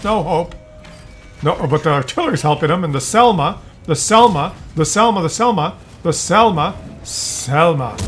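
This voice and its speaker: A man's voice: sits high, a bit bright. A man giving casual gameplay commentary, rambling and joking as he drifts off topic. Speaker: gaming commentator.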